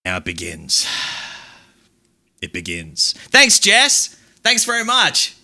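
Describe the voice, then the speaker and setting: A man's voice: on the high side, wildly swooping pitch, slow, bright, forceful tone. A man hosting a live stream, reading out chat quotes and reacting with dry asides and laughter. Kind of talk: casual live-stream commentary.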